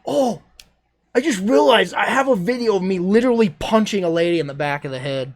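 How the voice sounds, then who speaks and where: A man streaming casual commentary over his old travel videos, rambling and self-deprecating, quick to exclaim. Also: high-pitched, animated, dry recording.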